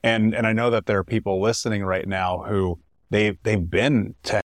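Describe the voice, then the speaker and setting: A man's voice: lowish voice, steady tone, normal speed, no room sound. A man hosting a podcast interview, speaking openly and directly in a reflective way. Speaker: podcast host. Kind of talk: interview conversation.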